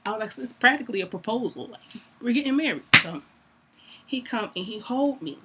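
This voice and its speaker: A young woman telling a story to camera in a casual, animated way, acting out both sides of a conversation and laughing often. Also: a little high, fairly quick, heavy background noise. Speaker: vlogger.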